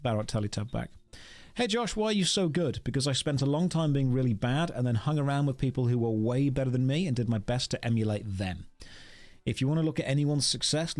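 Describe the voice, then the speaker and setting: A man's voice: mid-range voice, a little mellow. A man from the UK chatting casually on a live stream while he plays, rambling, wry and self-mocking as he thanks viewers. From United Kingdom.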